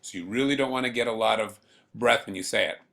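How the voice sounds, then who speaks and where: A man teaching a beginner Spanish lesson to students at home, speaking patiently and slowly and repeating words for learners. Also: fairly low pitch, creaky, fairly bright tone. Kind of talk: recorded remote classroom lesson.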